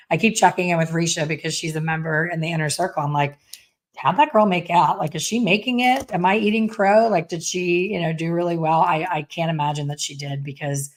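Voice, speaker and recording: A woman in her fifties hosting a live stream, talking in a blunt, chatty way with a sassy edge. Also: fairly low pitch. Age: 50s. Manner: blunt, chatty, storytelling with sassy put-on voices. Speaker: hair color educator hosting a live stream. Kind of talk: casual live-stream chat.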